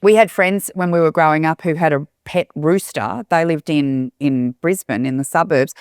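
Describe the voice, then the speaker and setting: A woman's voice: sits low, moderate pace, a little mellow, smooth, no room sound, studio quality. A woman hosting a podcast, telling long rambling stories with many restarts in casual chat. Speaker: podcast host.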